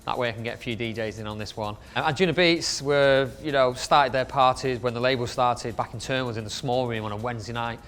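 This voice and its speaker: A man's voice: medium pitch, fairly even intonation, brisk, few pauses, fairly bright tone, soft background music. A middle-aged man, chatting casually through a countdown, rambling with fillers. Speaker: club night promoter.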